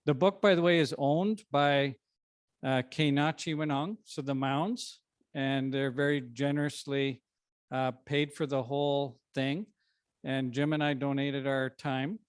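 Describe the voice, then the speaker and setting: Man giving a relaxed talk to an audience. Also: mid-range voice, clear, resonant tone, no echo, studio quality. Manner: conversational, often pauses and restarts. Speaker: co-author speaking at a book launch. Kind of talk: informal presentation to an audience. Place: library event room.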